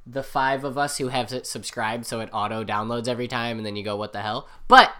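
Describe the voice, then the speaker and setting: A man co-hosting a podcast in casual chat, excitable and chatty, often trailing off and restarting. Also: medium pitch, fairly quick, smooth. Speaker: podcast co-host.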